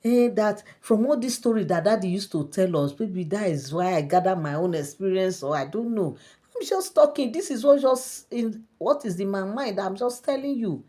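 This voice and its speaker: A woman's voice: medium pitch, expressive, moderate pace, dark tone, voice pushed up, close to an everyday voice. A woman voicing an eager, bold young girl who talks insistently with many exclamations. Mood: pleading.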